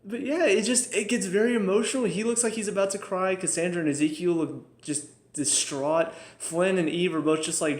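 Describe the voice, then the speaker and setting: An excitable young man chats through a TV review, his slightly high voice leaping up whenever he gets worked up. He laughs often between points. The recording rings with the echo of a bare room. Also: normal speed. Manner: excitable, laughs often, pitch jumps when enthused. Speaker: TV episode reviewer. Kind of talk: casual spoken review. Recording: echoey room.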